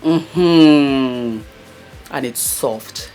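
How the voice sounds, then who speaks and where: A woman's voice: a bass voice, extremely slow, mellow, faint music behind. Effusive woman beauty vlogger. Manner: effusive, fond, calls viewers darling; chatty with frequent laughs. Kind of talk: casual beauty vlog chat.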